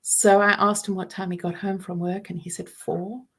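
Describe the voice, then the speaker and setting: Woman, 40s, mid-pitched, earnest personal talk with soft reflective pauses. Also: level tone, slightly rough. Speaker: speaker on trauma and healing.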